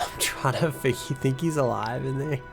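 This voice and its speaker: A man's voice: medium pitch, normal speed, gravelly. Joking, swearing young male streamer. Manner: profane, joking, rambling. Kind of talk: casual gameplay commentary. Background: faint background music.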